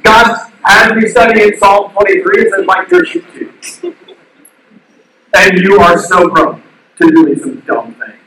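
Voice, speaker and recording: A male pastor giving a sermon in an animated way, asking the crowd questions and acting out the quotes he tells. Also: high voice. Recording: distant mic in a very echoey hall.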